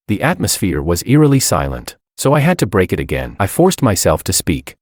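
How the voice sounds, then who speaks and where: A man narrating a dramatic first-person romance story in an expressive storytelling manner. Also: sits low, brisk, few pauses, no echo, studio quality.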